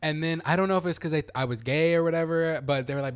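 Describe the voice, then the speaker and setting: A young man hosting a podcast, telling a childhood story in casual chat, animated and swearing, acting out the people he quotes. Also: medium pitch, fast, few pauses, smooth. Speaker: podcast host.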